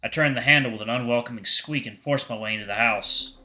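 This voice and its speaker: A man's voice: mid-range voice, fast, bright, forceful tone, soft background music. A man narrating a visual novel aloud in the first person, with wry asides. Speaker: game streamer reading a visual novel.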